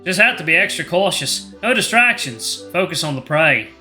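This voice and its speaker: Lone gatherer, cautious, self-muttering, bright tone; man voicing. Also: a little high, big pitch swings, normal speed, soft background music, voice pushed up, exaggerated voice.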